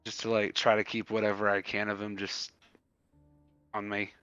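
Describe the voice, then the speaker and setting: Smooth-voiced man, many fillers. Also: lowish voice, completely flat delivery, normal speed, a bit bright, dry recording, soft background music. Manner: loose, filler-heavy storytelling with many "like"s. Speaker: player. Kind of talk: in-character tabletop narration. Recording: dull, dry lo-fi mic.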